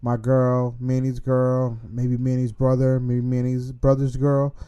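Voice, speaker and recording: Laid-back young male podcast co-host, mellow tone, slangy and halting. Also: medium pitch, completely flat delivery, clear, resonant tone. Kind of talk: casual podcast chat.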